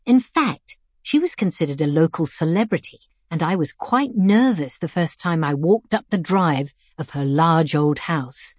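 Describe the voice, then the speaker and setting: A woman narrating a first-person story in a measured, reflective way. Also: deep voice, expressive, a little mellow, no echo, studio quality.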